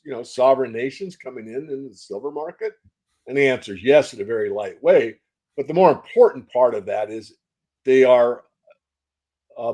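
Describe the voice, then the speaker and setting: A man's voice: medium pitch, a little mellow. A man as an interview guest, speaking emphatically and posing rhetorical questions. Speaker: guest analyst. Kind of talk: interview answers.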